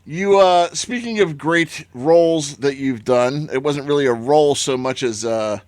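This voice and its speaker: A man's voice: on the high side, measured pace, a little mellow, no echo. A man hosting a radio talk show, chatting casually with his guest and laughing often. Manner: laughs easily, affirms often. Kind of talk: casual interview chat.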